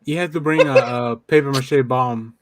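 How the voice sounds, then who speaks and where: A man's voice: mid-range voice, fairly even intonation, normal speed, no echo. Teasing guy joking around in casual chat. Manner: teasing, playful. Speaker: podcast co-host.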